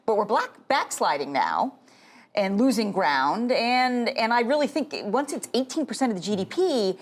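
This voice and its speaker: A middle-aged woman, a health policy expert, explaining things in a measured way as a guest on a TV interview show. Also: a little high, lively intonation.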